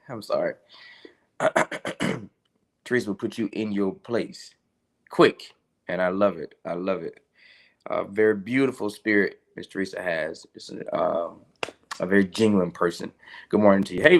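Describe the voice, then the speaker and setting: A man's voice: on the low side, fairly bright tone. Chatty male pastor preaching a casual livestream devotional. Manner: chatty, greets viewers by name between points; repeats key lines for emphasis.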